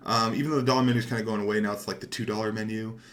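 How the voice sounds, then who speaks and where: A young man giving casual, rambling commentary over gameplay, swearing freely and getting easily excited. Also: on the low side, rapid-fire. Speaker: gaming commentator.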